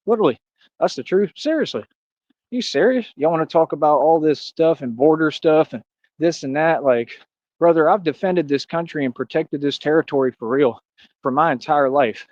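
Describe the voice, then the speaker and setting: A young man from Austin, livestreaming a boastful, taunting rant full of street slang and repeated catchphrases. His voice sits on the higher side for a man. The recording is dry and close, with no room sound. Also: a little mellow, dry recording, muffled recording. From Austin, Texas. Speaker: streamer. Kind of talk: live stream monologue.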